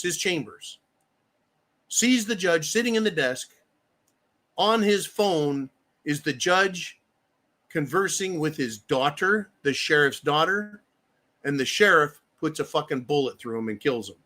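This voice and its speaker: The voice is on the high side, bright and forceful, belonging to a livestream host in the middle of an angry political tirade. He swears constantly and reads viewer comments out loud while ranting heatedly.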